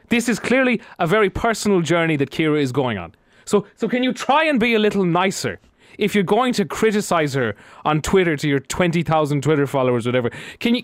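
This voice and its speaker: A man's voice: sits high, no echo, clean studio sound. A man hosting a radio show, teasing and chatty in casual banter. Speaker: radio host. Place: radio studio.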